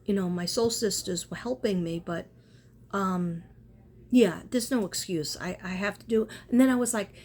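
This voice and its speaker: A woman's voice: mid-range voice, normal speed, a little mellow. Earnest rambling woman vlogger. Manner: rambling, self-interrupting, earnest. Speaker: spiritual artist and vlogger. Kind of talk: casual spiritual vlog chat.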